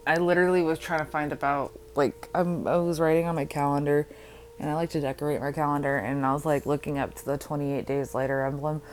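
A woman's voice: low-pitched, steady tone, quick pace, slight background noise. A young woman hosting a casual solo podcast from home, rambling, giggling and joking at herself. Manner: rambling, giggly and self-deprecating. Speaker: podcast host.

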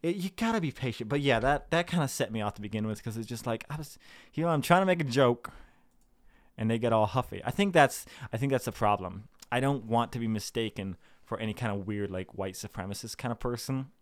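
A man's voice: medium pitch, lively intonation, fairly quick. Rambling, laughing man in a home office. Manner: rambling, laughing, many fillers and restarts. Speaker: video creator. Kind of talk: casual vlog chat.

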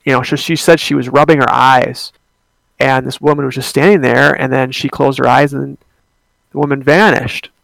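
Gravelly young man telling a story. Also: mid-range voice, fairly even intonation, fairly bright tone, no room sound. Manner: rambling, halting, many fillers and restarts. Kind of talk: casual storytelling.

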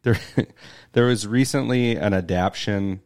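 A man's voice: on the low side, normal speed, darkish tone. A man co-hosting a casual chat, reading trivia aloud and joking as he rambles. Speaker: podcast co-host.

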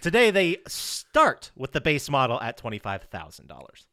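A man hosting a casual podcast chat, leading the segments and reading out trivia in an animated way. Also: medium pitch, moderate pace, dry recording, clean studio sound. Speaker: podcast host.

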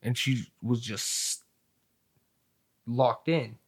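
A man's voice: medium pitch, extremely slow, breathy edge. A man chatting casually and telling stories in a profane, slangy way. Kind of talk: casual chat.

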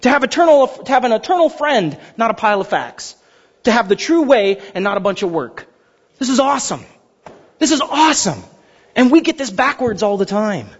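A man preaching a sermon, animated and storytelling, sometimes acting out characters. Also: extremely high pitch, brisk. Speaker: pastor. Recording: dull sound in a reverberant hall.

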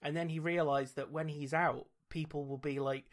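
A man's voice: fairly high pitch, steady tone, normal speed. A British man hosting a podcast, chatting in a wry, casual way. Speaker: podcast host. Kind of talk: casual chat.

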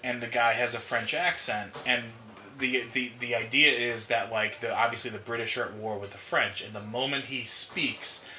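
Man, casual chat, rambling storyteller, very bright tense voice, roomy echo. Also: medium pitch, fairly even intonation, moderate pace, few pauses. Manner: rambling storyteller, swearing, laughing often. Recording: echoey room, faint noise.

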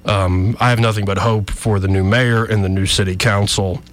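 A man hosting a local talk radio show, ranting with a wry, animated manner, in a radio studio. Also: fairly low pitch, moderate pace.

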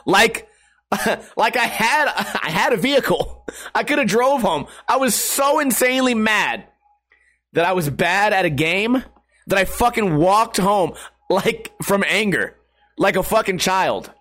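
A man's voice: high-pitched, expressive, unhurried, sharp tone. A man in his thirties rambling casually in a vlog, crude and self-mocking, swearing often and laughing at himself. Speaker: vlogger.

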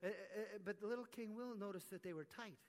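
A man's voice: high-pitched, quick pace. A man preaching a sermon at a live event, telling a story animatedly and repeating his words as he goes. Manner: animated, repetitive stammering. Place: conference hall, live audience. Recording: echoey live conference hall.

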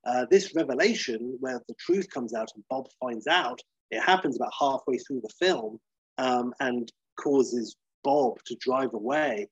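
A man casually pitching a film idea, rambling with many fillers and restarts. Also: a little slow, slightly rough, dry recording, muffled recording. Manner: rambling, full of fillers and restarts, acts out the characters.

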